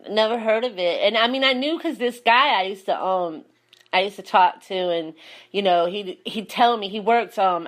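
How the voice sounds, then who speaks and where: A woman's voice: mid-range voice, fairly bright tone. A woman hosting a casual chat, telling stories animatedly and laughing often. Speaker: host.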